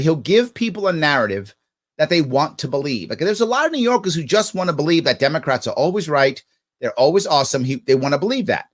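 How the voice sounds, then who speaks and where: A man hosting a livestream, reacting sarcastically to a political speech and answering viewer comments. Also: fairly high pitch. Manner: sarcastic, talks back at the clip. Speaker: livestream host.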